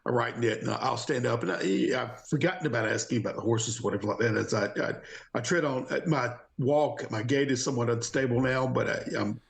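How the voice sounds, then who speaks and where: A man playing a tabletop game describes his character's actions at length. He rambles and restarts often, and his voice has a gravelly fry. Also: mid-range voice, a little fast. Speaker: player.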